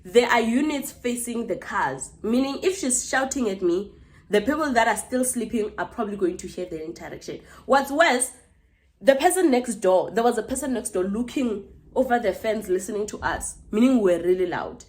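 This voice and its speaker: A young woman recounting a run-in in a storytime vlog, sounding indignant and animated. Her voice sits a little high for a woman, and she rushes and restarts as she builds her case. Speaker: vlogger.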